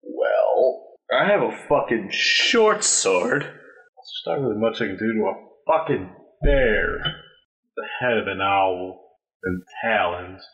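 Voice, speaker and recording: A man playing a tabletop game, talking in a dry, deadpan, sweary way. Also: lowish voice, takes it slowly, rough recording. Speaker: player. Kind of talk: casual tabletop game chat.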